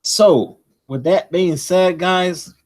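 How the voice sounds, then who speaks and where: A man hosting a comic collecting channel, enthusiastically and nervously rambling through shout-outs to small creators. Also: high voice. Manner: admits to nerves, pauses to breathe. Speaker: host. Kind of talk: casual channel shout-out monologue.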